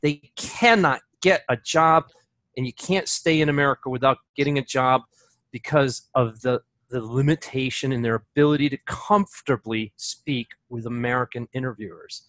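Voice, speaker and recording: Thoughtful male seminar lead, halting restarts, dry recording. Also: medium pitch, a bit bright, dry recording. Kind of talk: casual discussion.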